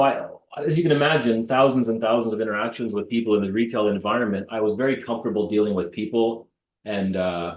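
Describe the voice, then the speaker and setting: A man in his thirties from Canada, a realtor telling stories in an interview, animated and joking. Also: fairly low pitch, reverberant. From Ottawa, Canada. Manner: animated, joking, swears casually. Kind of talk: casual storytelling in an interview.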